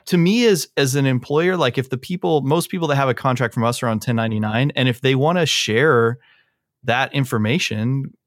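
A man co-hosting a podcast, sardonic and quick to laugh. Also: mid-range voice, no echo, clean studio sound. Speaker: co-host, employer. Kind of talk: casual podcast banter.

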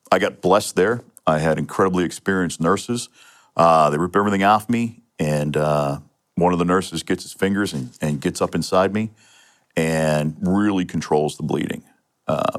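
A middle-aged man with a low voice, a retired police sergeant from Pennsylvania, tells a personal story as a guest on a podcast interview. He speaks at a moderate pace in a matter-of-fact way, often restarting and using fillers.

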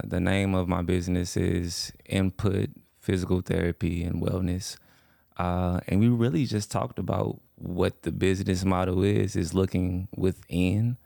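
Male guest, very low and gravelly, relaxed slangy talker. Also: dry recording, studio quality. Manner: flat, laid-back, slangy. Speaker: podcast guest. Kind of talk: casual chat.

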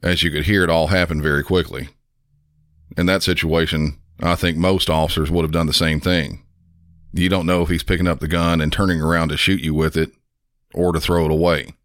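Man, very deep voice, monotone, dry close recording, podcast host narrating emergency calls. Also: dry recording. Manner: measured, matter-of-fact storytelling. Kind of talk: narrating and commenting on 911 calls.

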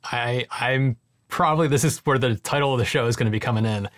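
A man's voice: mid-range voice, fairly quick, a bit bright, no echo. Opinionated man, dry close sound. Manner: opinionated, emphatic. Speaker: podcast co-host. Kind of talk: casual chat.

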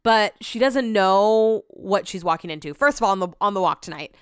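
A woman's voice: mid-range voice, lively intonation, normal speed, smooth, no room sound, studio quality. A young adult woman hosting a podcast, telling rambling, self-deprecating stories with many asides. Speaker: podcast host. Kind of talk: casual chat.

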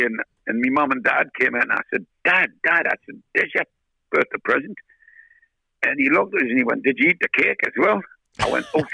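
An older man with a gravelly, husky, bright edge to his voice. His pitch jumps all over as he tells a story, swearing freely and acting out the other people in it. Dry, close studio sound. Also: no room sound, poor audio. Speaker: guest, rock singer. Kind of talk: storytelling anecdote in interview.

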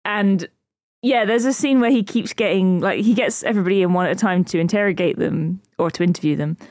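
A woman co-hosts a podcast in relaxed, rambling chat. She giggles often and leans on fillers as she talks. Her voice sits mid-height, and the sound is dry and close. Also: mid-range voice, brisk, dry recording. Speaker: podcast co-host. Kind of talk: casual chat.

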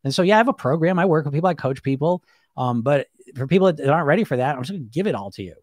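A man coaching weight loss on a live stream, talking rapidly and bluntly, swearing casually and tagging his points with "right?" and "you know?". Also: fairly high pitch, expressive, no echo, studio quality. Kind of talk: live-stream monologue to viewers.

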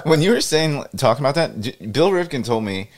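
A man's voice: mid-range voice, sing-song, a little fast, crowd noise. A man co-hosting a casual baseball podcast who laughs easily and trades loose, jokey stories. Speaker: podcast co-host. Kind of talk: casual sports chat.

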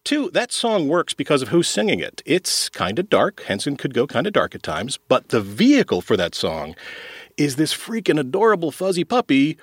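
A man's voice: fairly high pitch, huge pitch swings, moderate pace, husky, no room sound, studio quality. A man co-hosting a podcast, joking in a wry, comic way. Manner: wry, comic delivery with sudden jumps. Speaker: podcast co-host. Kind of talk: casual chat.

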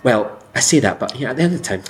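A man's voice: mid-range voice, expressive, rapid-fire, a loud crowd, rough recording. A man from Scotland chatting casually as a podcast co-host, rambling with lots of fillers. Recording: background noise.

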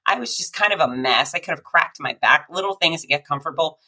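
A woman's voice: sits low, fast talker, low-quality recording. A woman guest on a podcast, telling a personal story animatedly, acting out the voices she quotes and laughing often. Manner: animated, acts out quoted voices and sound effects.

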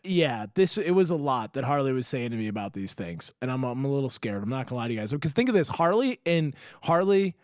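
Laughing, rambling young podcast host. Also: male voice, mid-range voice, sing-song, fast talker, hardly any pauses, a little mellow, no echo, studio quality. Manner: rambling, swearing, laughs often. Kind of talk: casual comedic chat.

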